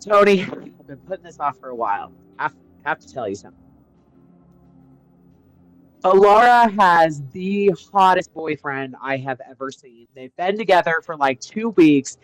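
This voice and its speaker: A woman's voice: deep voice, lively intonation, normal speed, faint music behind, poor audio. A woman playing her character in a tabletop game, rambling and chatty, full of filler words. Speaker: player.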